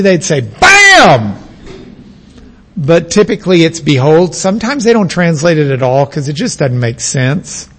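The sermon comes from a pastor whose voice is high, recorded with poor audio. He teaches his congregation unhurriedly, punctuating points with sudden loud shouts for emphasis.

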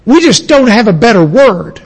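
A man's voice: very high voice, big pitch swings, normal speed, husky, big-room sound. A man from the United States giving a classroom lecture on biblical languages, emphatic and repeating key words for stress.

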